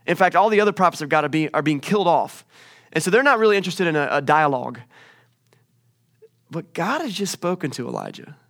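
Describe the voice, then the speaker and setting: A young man gives a sermon in storytelling mode, his fairly high voice rising into loud, excited bursts. He then drops to a hushed tone for the scripture passages.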